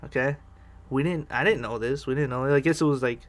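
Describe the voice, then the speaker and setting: On his vlog, a man with a medium-pitched voice speaks fairly quickly as he tells a meandering personal story. He swears without restraint, keeps restarting his sentences, and laughs a lot in this casual storytelling.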